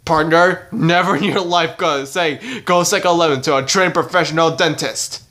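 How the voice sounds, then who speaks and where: A man's voice: a little high, normal speed, a bit bright, natural voice. A man voicing a rowdy, hard-drinking old cowboy toy in a puppet show, with a stammering drawl. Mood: boastful. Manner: drawling, stammers "ch-ch-chewy boy".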